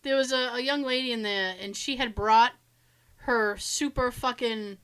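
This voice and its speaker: A woman co-hosting a podcast, telling animated stories in casual chat, swearing freely and laughing often. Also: fairly high pitch, a little slow, clear, resonant tone. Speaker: podcast co-host.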